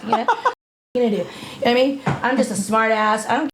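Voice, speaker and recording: A middle-aged woman sits in as a guest and talks in a loose, streetwise way, swearing freely and acting out what she and others said. Her voice sits a little on the high side. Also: fast, a little hiss or hum. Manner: blunt and profane, with lots of filler and self-quoting. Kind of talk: casual storytelling in an interview.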